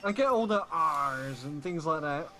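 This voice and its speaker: Laughing at his own jokes and swearing freely, this streamer host chats with friends over a livestreamed game. His voice is fairly high, bright and forceful, expressive in tone, with a slightly slow pace.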